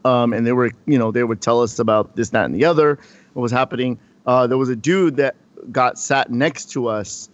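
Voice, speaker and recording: A man's voice: medium pitch, brisk, dry recording. Rambling man, slightly muffled recording. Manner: rambling, many restarts and fillers. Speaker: podcast co-host. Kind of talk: casual storytelling chat.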